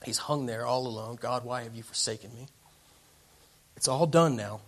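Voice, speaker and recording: A man preaching a sermon, slowing down for emphasis and swinging between loud declarations and hushed, quiet lines. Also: mid-range voice. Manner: slows down for emphasis. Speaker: pastor.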